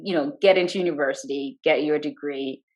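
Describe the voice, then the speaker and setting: A woman's voice: deep voice, brisk, a little mellow, poor audio. A woman hosting a casual podcast chat, asking follow-up questions and laughing often. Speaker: podcast host. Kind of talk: casual conversation.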